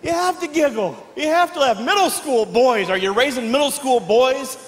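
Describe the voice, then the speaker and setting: A man performing stand-up comedy on stage, telling animated stories and acting out family members in loud, barked voices. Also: very high voice, normal speed. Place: large hall with live audience. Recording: echoey hall with faint background noise.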